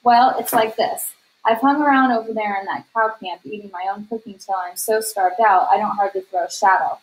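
An easygoing young cowman with a ready grin, as a woman reading aloud gives him voice. He drawls his words in an unhurried storybook telling, at her ordinary middle pitch. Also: natural voice, low-quality recording. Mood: genial. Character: friendly young male cattleman, grinning.

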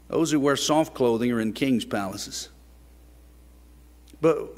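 A man's voice: mid-range voice, slow pace, long pauses, a little mellow. A man preaching a sermon in a church, earnest and building up to emphatic rhetorical questions. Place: church sanctuary. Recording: long reverb of a church sanctuary.

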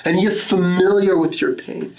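Man, pastor, earnest sermon testimony, slightly high voice, roomy echo. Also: fairly even intonation, moderate pace, vocal fry, a crowd in the background. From Canada. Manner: earnest personal testimony with Scripture readings. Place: church.

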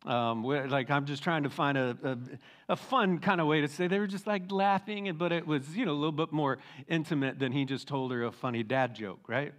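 A middle-aged man, a teaching pastor, retelling a Bible story in a casual, animated sermon full of asides. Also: a little high, brisk.

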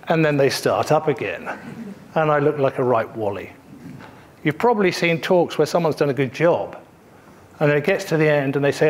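A middle-aged man leads a presentation-skills workshop for researchers. His voice sits slightly high for a man. He talks emphatically and playfully, driving home his main points through repetition. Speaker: communication skills trainer.

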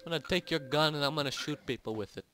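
A young man doing let's play commentary from home, excitable, yelping and swearing as he plays. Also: fairly high pitch, quick pace, slight background noise. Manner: excitable, loud yelps and swearing. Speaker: gamer and video host. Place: home at night.

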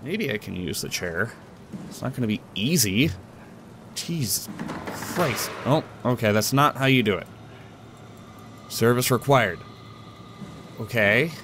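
A man's voice: medium pitch, lively intonation, a little slow, pauses often, noisy background. Goofy young man narrating gameplay. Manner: goofy, talks to objects and himself. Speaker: let's play gamer. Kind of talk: casual gameplay commentary.

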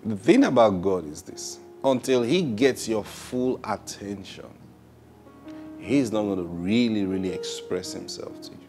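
A man preaching a sermon, laughing often and repeating praise, swinging between loud bursts and hushed, drawn-out phrases. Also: on the low side, expressive, soft background music. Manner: laughs often, repeats "Praise God", asks rhetorical questions.

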